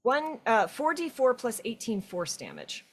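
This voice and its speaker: A woman's voice: a little high, unhurried, slightly rough. A woman with a Southern US accent chatting casually while streaming a co-op game. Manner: chatty, rambling, animated storyteller. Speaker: streamer playing co-op. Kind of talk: casual gaming chat.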